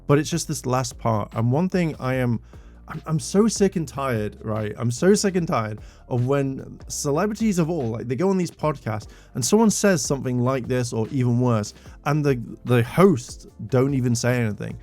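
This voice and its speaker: A man's voice: mid-range voice, animated, normal speed, a little mellow, faint music behind. A man giving an exasperated, indignant commentary rant to his channel's viewers, swearing when worked up. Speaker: commentary YouTuber. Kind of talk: ranting commentary.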